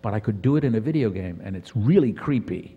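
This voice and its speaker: A man's voice: on the low side, animated, quick pace, slightly rough, phone-quality sound. An older man as a convention panel guest, chatting with stammered restarts and laughs. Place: convention hall. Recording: reverberant convention hall.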